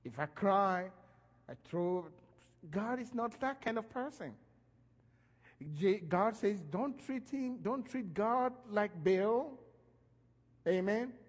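Male preacher, sermon, slow deliberate pace, emphatic swells, reverberant hall. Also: high voice. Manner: animated preaching, voice rising and falling in emphasis.

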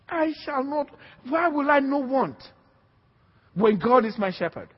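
A man's voice: extremely high pitch, breathy edge. A man preaching a sermon with emphatic repetition and call-and-response to the congregation. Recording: dull, echoey hall recording.

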